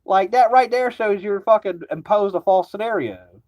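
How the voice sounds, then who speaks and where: Agitated, swearing man with a high voice. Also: moderate pace, a little mellow. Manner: profane, rambling and agitated. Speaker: vlogger. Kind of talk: casual rant to camera. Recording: dull lo-fi recording.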